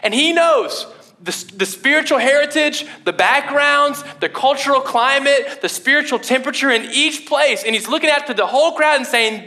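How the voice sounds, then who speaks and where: Bright high-voiced young male preacher. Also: moderate pace. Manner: casual, animated preaching with many fillers. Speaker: pastor. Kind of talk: sermon.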